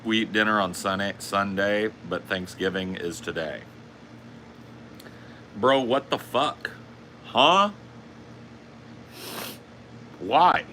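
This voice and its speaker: A man's voice: fairly low pitch, animated, slow, pauses often, bright, forceful tone, a little hiss or hum. A man streaming live, ranting casually with lots of swearing and repeating himself. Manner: profane, rambling rant; frequent coughing. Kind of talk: casual livestream chat.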